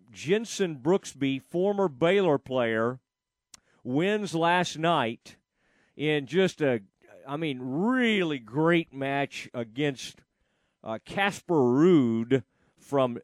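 A man's voice: medium pitch, expressive, slow, no echo, studio quality. A man hosting a casual sports talk show, rambling with frequent fillers and restarts. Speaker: sports radio host.

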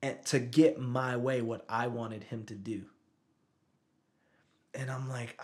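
A man in his thirties, a father, takes his time telling a story in casual chat, leaving long pauses. His mid-range voice stays steady, and he often asks "you know what I'm saying".

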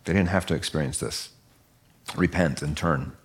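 A middle-aged man teaching a Bible passage casually, explaining the verses conversationally and acting out the voices of the listeners. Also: moderate pace. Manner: conversational, acts out voices of the listeners with lively pitch jumps.

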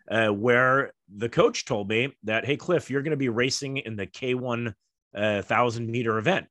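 A man's voice: lowish voice, fairly bright tone, dry recording. A middle-aged American man, a former athlete, telling stories in a rambling casual way with lots of fillers. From United States. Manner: rambling, many fillers, acts out quoted voices. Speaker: guest, former Olympic kayaker. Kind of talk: casual storytelling interview.

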